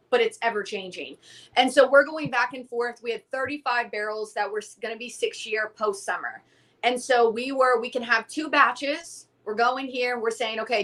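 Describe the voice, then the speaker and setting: A young woman, a guest from a whiskey company, telling a story in a casual interview and acting out the dialogue. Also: a little high. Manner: animated, acts out quoted dialogue.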